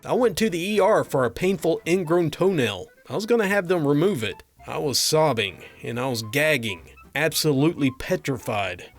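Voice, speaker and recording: A man's voice: fairly high pitch, animated, moderate pace, hardly any pauses, soft background music. A man narrating a string of funny doctor and patient stories, with a dry comic delivery. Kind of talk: reading funny anecdotes aloud.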